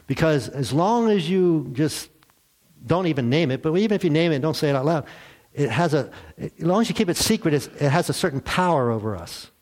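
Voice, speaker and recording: A man's voice: fairly high pitch, lively intonation, fairly quick, darkish tone. An older man preaching a sermon in a church, speaking to his congregation in a conversational, self-deprecating way. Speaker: pastor.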